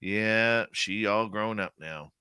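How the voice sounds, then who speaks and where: A man's voice: fairly low pitch, takes it slowly, bright, forceful tone, smooth, no room sound. A man hosting a live radio show, chatting casually and joking as he greets listeners in the chat by name.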